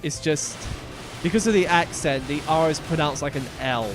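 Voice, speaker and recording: Over background music, a man with a slightly high voice talks at normal speed as he plays a video game on a live stream. His commentary is relaxed and chatty, and he tends to fade out quietly at the ends of thoughts.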